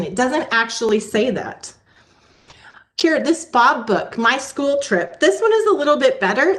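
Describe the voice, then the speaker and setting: A woman giving a presentation to a virtual meeting, teaching reading skills in a clear, teacherly way and sounding out letters slowly. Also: high-pitched. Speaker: literacy presenter. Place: online meeting.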